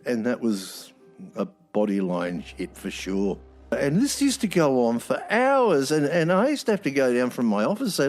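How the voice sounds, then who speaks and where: A man, a former prison officer, spins stories in a blunt, wry way, swearing freely. His voice sits at a middling pitch. Soft music runs faintly behind him. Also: big pitch swings, normal speed. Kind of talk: anecdotal storytelling.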